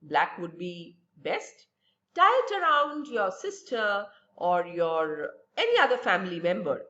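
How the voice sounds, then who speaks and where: A woman's voice: medium pitch, sing-song, a little slow, sharp tone, dull audio. A woman teacher giving a recorded science lesson to young children, asking and answering her own questions in a patient, lilting way.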